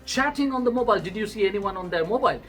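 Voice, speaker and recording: A man with an Indian English accent voicing a calm, patient pastor who gives gentle instructions. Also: sits high, racing, faint music behind.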